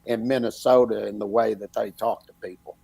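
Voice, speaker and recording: A man's voice: lowish voice, fairly even intonation, brisk, gravelly, dark tone, husky. A man co-hosting a podcast, talking casually and ranting indignantly about double standards. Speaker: podcast co-host.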